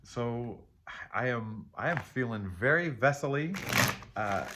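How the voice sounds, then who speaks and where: A man hosting a casual tarot reading, rambling and reflective, often trailing off, questioning himself and laughing softly at himself. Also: mid-range voice, lively intonation, slow, heavy background noise. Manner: candid and self-deprecating, with soft laughs. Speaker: tarot reader and channel host. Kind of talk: casual spiritual chat while reading tarot.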